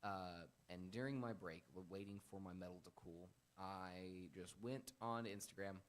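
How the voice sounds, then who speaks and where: A young man hosting a casual Bible lesson, earnest and emphatic, with animated bursts when quoting. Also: low voice, moderate pace. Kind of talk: casual Bible teaching chat.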